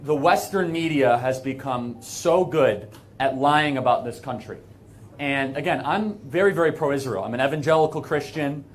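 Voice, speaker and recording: A man's voice: medium pitch, moderate pace, slight background noise. An American man speaking as a guest speaker to a live audience, earnest and emphatic, with frequent fillers and restarts.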